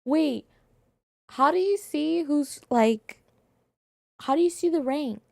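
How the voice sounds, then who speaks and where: Excitable young woman streamer, high voice. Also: slow, vocal fry, no echo, clean studio sound. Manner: excitable, playfully indignant, jumps to squeals. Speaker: live streamer. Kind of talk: casual live-stream chat with viewers.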